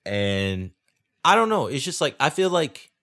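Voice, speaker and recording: A man's voice: medium pitch, very animated, unhurried, bright, forceful tone. A man hosting his own podcast alone, rambling casually with profanity, restarts and self-deprecating asides. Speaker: podcast host. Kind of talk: casual solo podcast monologue. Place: indoors at home, rainy night.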